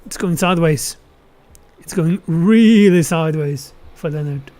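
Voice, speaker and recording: A man's voice: fairly high pitch, measured pace, mellow. A man giving casual live commentary on a sim racing qualifying session, thinking aloud and correcting himself as he goes.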